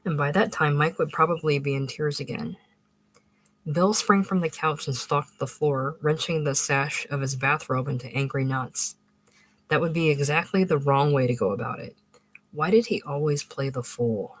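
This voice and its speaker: A narrator reading a literary short story aloud in a measured way, with occasional small restarts. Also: mid-range voice, no room sound, poor audio.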